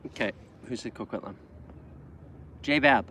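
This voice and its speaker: A man's voice: medium pitch, a little slow, pushed and bright, slight background noise. A Canadian man co-hosting a casual livestream chat, easygoing and rambling, reading out viewer questions. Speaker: livestream co-host.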